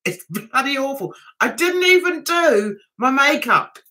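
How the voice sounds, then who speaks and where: A British woman chatting on a livestream in a high, bright voice. She sounds giggly and a little flustered, unhurried but full of ups and downs. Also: very animated, a little hiss or hum. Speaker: livestream host. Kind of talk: casual livestream chat.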